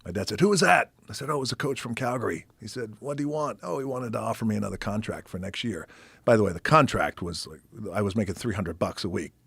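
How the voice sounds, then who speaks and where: A man telling a personal story as a podcast guest. He talks in an animated way, swears freely, acts out the people he quotes, and drops to a whisper at times. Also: fairly low pitch, fast, vocal fry, slightly rough, no room sound. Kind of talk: casual storytelling.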